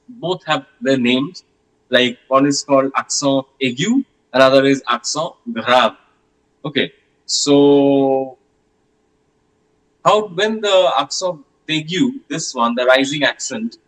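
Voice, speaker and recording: A man's voice: medium pitch, fairly bright tone, low-quality recording. A man teaching a French class, patiently repeating questions and sounds with many hesitations.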